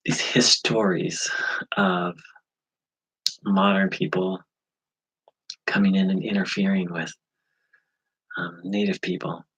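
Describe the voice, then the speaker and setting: A man from the USA talking through a personal spiritual insight, halting, with many fillers and restarts. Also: low voice, fairly even intonation, a bit bright, slightly rough, low-quality recording. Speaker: spiritual teacher. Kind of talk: reflective spiritual vlog.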